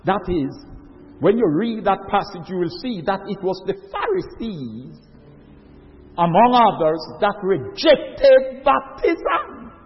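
Emphatic preacher man in a reverberant hall. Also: sits high. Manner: emphatic, drawn-out stressed words. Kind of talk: sermon. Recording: dull lo-fi recording with long hall reverb.

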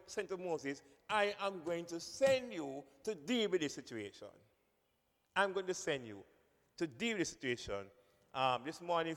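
A man preaching a sermon, emphatic, repeating key phrases and calling on listeners by name. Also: high voice. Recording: long reverb of a hall.

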